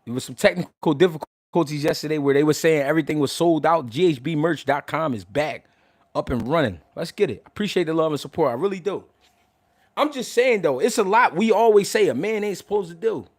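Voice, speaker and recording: A young adult man hosting a casual livestream about boxing, talking loudly and animatedly, swearing freely and laughing often. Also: a little high, brisk. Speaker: boxing commentator and show host.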